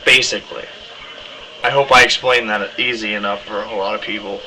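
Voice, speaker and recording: A man's voice: on the low side, fairly even intonation, brisk, very noisy. A young man casually explaining how he does his screamed metal vocals, rambling with lots of ums. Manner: rambling, many ums, demonstrates harsh screams. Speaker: vocalist teaching screaming technique.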